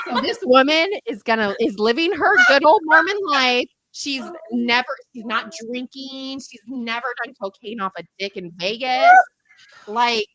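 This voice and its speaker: A woman's voice: high voice, dry recording, rough recording. A woman co-hosting a podcast, telling a crude funny story in casual chat and acting out the voices. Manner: animated, crude jokes, acts out voices. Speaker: podcast co-host.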